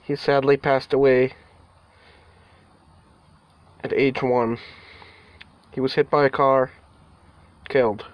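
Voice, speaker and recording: A man's voice: medium pitch, little pitch movement, measured pace, dull audio. Man rambling to his cats on a vlog. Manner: rambling, talks to his cats, mild swearing. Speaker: vlogger. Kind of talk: casual vlog update. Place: indoors near a door, partly outside.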